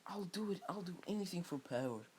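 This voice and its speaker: A man voicing an angry young girl ninja, high and strained with whispery outbursts. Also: lively intonation, brisk, darkish tone, a little hiss or hum. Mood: eager.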